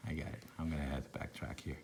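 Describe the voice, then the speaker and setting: A deep-voiced man with a thick Lao accent teaches math for a recorded online class. He thinks out loud, wanders off track and pokes fun at himself. A faint hiss sits under the recording. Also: level tone, fast talker, gravelly. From Laos. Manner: thinking aloud, meandering, self-deprecating asides.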